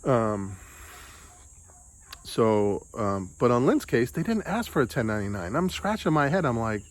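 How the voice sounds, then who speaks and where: A man's voice: mid-range voice, big pitch swings, a little slow. A man from the United States venting in a casual vlog, frustrated, swearing and repeating himself. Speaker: vlogger. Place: home in the Philippines.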